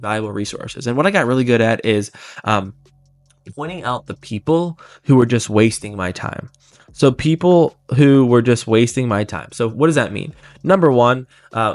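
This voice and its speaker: Brief: male sales trainer, mid-pitched, blunt and intense delivery, dry close sound. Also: no room sound. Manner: blunt, intense, fast bursts. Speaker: life insurance sales trainer. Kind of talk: motivational sales coaching talk.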